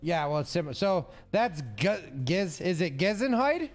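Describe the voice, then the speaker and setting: Very animated and high-voiced, a man chats casually at a moderate pace during a live stream, thinking aloud over word guesses for a puzzle and saying hi to his chat. A headset mic captures him, with faint music underneath.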